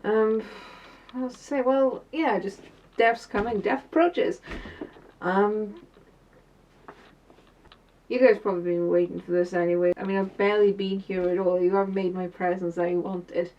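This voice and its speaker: A woman's voice: mid-range voice, steady tone, normal speed, distant mic, dull audio, a little hiss or hum, natural voice. Woman playing a resigned, sidelined young Welsh man. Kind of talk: scripted character video diary.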